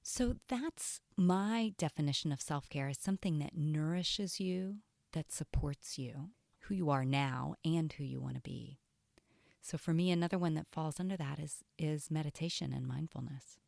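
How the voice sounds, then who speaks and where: A woman hosting a self-help podcast, talking earnestly in a casual way and often dropping to a soft whisper. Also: low-pitched, moderate pace, creaky, no echo, clean studio sound. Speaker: podcast host and coach.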